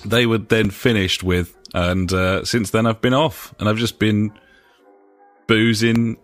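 A man co-hosting a casual podcast, relaxed and quick to laugh. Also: fairly low pitch, no room sound, soft background music. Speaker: podcast co-host. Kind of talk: casual chat.

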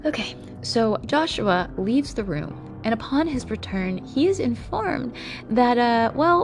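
A woman's voice: on the high side, very animated, a little slow, soft background music. A woman narrating a true-crime podcast, emotional and blunt, swearing freely as she tells the story. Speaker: podcast host.

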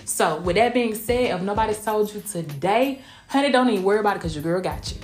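A woman's voice: medium pitch, expressive, quick pace, a little mellow. Southwest Georgia country woman, emphatic. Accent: rural Southwest Georgia. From Blakely, Georgia, US. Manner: folksy, emphatic, calls listeners honey and y'all. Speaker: podcast host. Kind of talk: casual motivational podcast chat, also streamed live. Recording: roomy echo with faint music behind.

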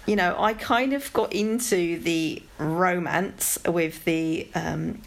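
London woman, low-pitched, chatty podcast co-host, rambly and lively. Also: slow pace, gravelly. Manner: chatty, rambling, animated asides. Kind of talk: casual chat about TV.

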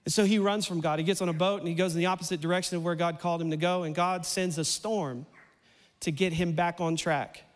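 A man preaching a sermon in a church, playful and animated, his voice climbing almost to a shout as he acts out lines. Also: sits high, fast talker, big-room sound. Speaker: pastor.

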